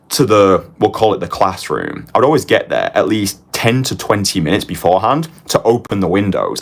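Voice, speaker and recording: Deep-voiced young man coaching with punch. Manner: punchy, confessional, tags lines with "right?" and "yeah?", swears casually. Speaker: dating coach. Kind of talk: motivational course lecture.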